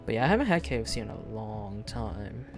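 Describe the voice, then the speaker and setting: A man's voice: fairly low pitch, big pitch swings, a little fast, gravelly, music in the background. A man streaming a video game live, chatting casually in a rambling, hesitant way with lots of fillers and restarts.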